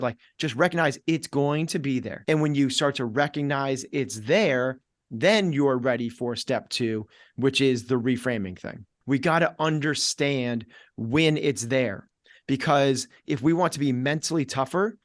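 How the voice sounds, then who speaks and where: A middle-aged man talks as a fitness coach on a podcast, hammering points home in short, repeated beats. He slips into quick acted-out asides. His voice sits at an ordinary pitch for a man, and the recording is close and dry with no room echo. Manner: energetic, acts out inner voices in quoted asides; repetitive, punchy coaching delivery. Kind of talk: podcast conversation.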